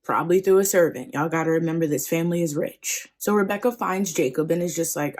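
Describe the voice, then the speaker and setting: A woman's voice: low voice, fast, hardly any pauses, darkish tone. A woman hosting a podcast, casually retelling a Bible story with slangy, joking asides. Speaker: podcast host.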